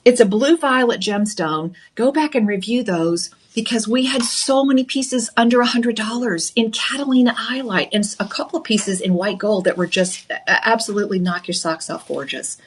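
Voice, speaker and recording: A middle-aged woman hosting a live TV shopping show, pitching products in a chatty, upbeat sales manner from a studio. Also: normal speed, few pauses, breathy edge. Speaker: home shopping host.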